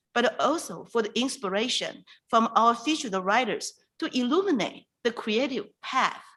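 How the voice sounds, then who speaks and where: A woman hosting a virtual reading night, introducing a poet in an emotional, halting way over a video call. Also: on the high side, bright, forceful tone, poor audio. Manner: emotional, halting, with restarts and pauses. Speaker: event host introducing a poet.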